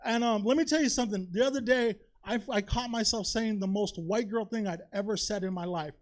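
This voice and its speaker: This high-voiced man talks a little fast while performing confessional, conversational stand-up in a comedy theater, peppering nearly every line with "you know?" and "right?"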